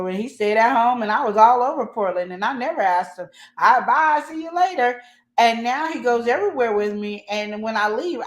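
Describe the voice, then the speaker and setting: A woman hosting a relationship advice show, talking emphatically and acting out the voices of the people she quotes. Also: fairly high pitch. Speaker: host. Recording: echoey room.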